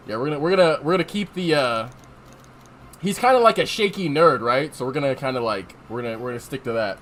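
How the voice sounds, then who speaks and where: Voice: medium pitch, animated, fairly quick, fairly bright tone, a little hiss or hum. Joking, casual let's-play streamer.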